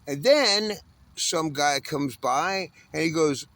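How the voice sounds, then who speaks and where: A man's voice: on the high side, expressive, takes it slowly, a bit bright, dry recording. A homeless man in his sixties from Southern California, ranting angrily in a profane, bitter monologue. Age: 60s. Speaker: homeless panhandler.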